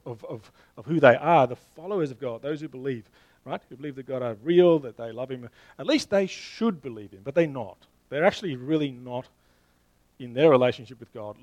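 A man's voice: on the high side, darkish tone, no echo. A man in his thirties or forties preaching a sermon in a conversational way, often restarting phrases and speaking directly to his listeners. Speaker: pastor.

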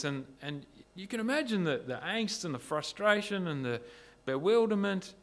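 A male pastor preaches a sermon, telling the story in a lively, animated way and putting rhetorical questions to his listeners. His voice sits a little high, with a gravelly, fry-laden texture. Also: a little fast.

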